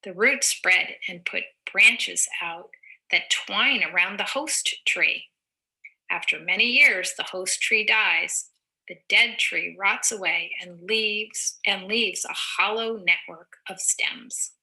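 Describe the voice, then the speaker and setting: A woman reads a picture book aloud to young children in a slow, encouraging teacher's voice. Her tone is very bright and forward, with a gravelly fry running through it. She pauses now and then to explain words in simple terms. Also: medium pitch.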